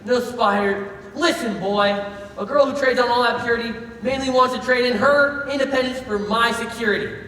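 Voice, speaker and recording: A man playing a slick high-voiced con man. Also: normal speed, bright, forceful tone. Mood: scheming. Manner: slick, confident, persuasive. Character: smooth-talking fast-dealing con man, adult male. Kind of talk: stage musical acting. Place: theater stage. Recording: echoey hall from far off.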